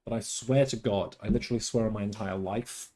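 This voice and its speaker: A man hosting a casual game livestream, talking theatrically and swinging from loud outbursts to mock-tender murmurs. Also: fairly low pitch, fairly even intonation, fairly quick. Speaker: livestream host. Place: at home.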